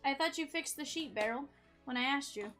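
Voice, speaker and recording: A woman's voice: high voice, fairly quick, pushed and bright, faint music behind. A woman hosting a live card break stream, chatty and upbeat, talking straight to her viewers.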